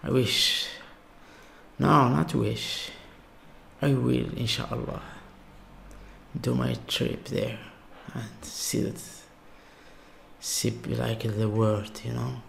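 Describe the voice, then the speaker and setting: A man from Algeria with an Algerian accent, reacting to a video in awed, halting English with many exclamations. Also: medium pitch, flat delivery, creaky, fairly bright tone, a little hiss or hum. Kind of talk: casual reaction commentary.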